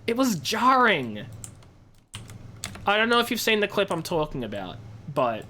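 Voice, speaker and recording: A woman's voice: mid-range voice, very animated, measured pace, pushed and bright, slight background noise. A young woman in her twenties, a streamer and law student, chatting animatedly and amused while she plays a game. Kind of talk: casual chat while gaming.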